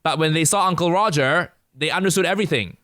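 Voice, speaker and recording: A man's voice: a little high, fast, pushed and bright, no room sound, studio quality. A man from Malaysia, a comedian guest on a podcast, telling stories in a matter-of-fact, thoughtful way. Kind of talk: casual podcast chat.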